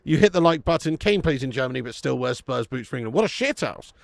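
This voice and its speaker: A man's voice: mid-range voice, fast, gravelly, no echo. A man hosting a live football watch-along, swearing freely and laughing as he reads out viewer messages.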